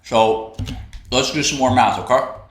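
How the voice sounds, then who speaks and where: A livestream host with a mid-range voice talks a little slowly, ranting in a brash, profane, mocking manner. The casual stream has a roomy echo and faint typing in the background.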